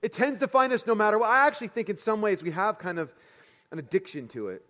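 A man preaching to his congregation with a fairly high voice, talking conversationally and cracking jokes as he acts out everyday voices. His words ring out with a long reverb, as if filling a large church hall. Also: sing-song, quick pace, sharp tone. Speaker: pastor. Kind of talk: sermon.

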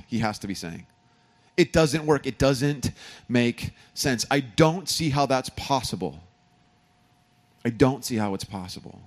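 A man, a pastor from California, preaching a sermon with humorous stories and animated emphasis. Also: fairly high pitch, measured pace. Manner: storytelling, joking asides, animated emphasis.

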